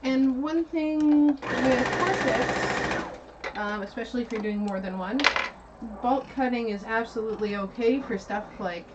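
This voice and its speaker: Female corset maker as a guest: high, bouncy voice, distant and buried in loud noise. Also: unhurried. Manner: giggly and animated, explains sewing steps. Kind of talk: casual demonstration chat. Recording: far from mic with loud machine and room noise.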